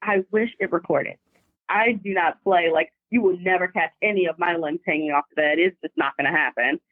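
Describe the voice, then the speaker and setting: Brief: animated woman caller telling a story down a thin, tinny phone line. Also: on the low side, a little fast, no room sound. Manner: animated, vivid retelling. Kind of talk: casual storytelling. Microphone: phone call.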